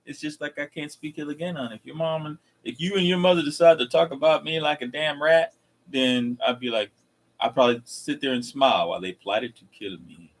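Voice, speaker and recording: A man's voice: on the high side, brisk. A man joking and teasing with his wife during a casual livestream chat. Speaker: co-host husband.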